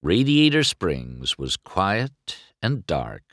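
A man reading a children's storybook aloud in an expressive, unhurried way. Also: low-pitched, dry recording, studio quality. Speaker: storybook narrator.

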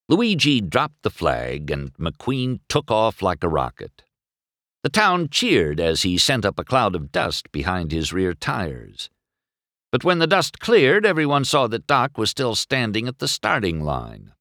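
A man narrating a children's storybook aloud in an animated, expressive way. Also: sits low, a little slow, no room sound, clean studio sound.

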